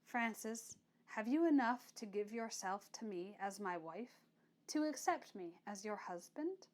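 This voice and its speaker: A woman voicing a reserved, stern male teacher who speaks in a measured, quiet way, in an audiobook reading of a classic novel. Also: mid-range voice, expressive, close to an everyday voice. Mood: tender.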